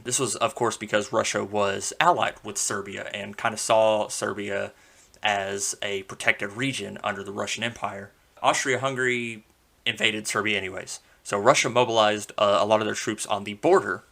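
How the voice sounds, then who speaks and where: A man with a lowish, bright, forceful voice, hosting a history podcast. He tells the story casually, with plenty of "uh"s and playful asides. His delivery sounds relaxed and conversational. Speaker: podcast host.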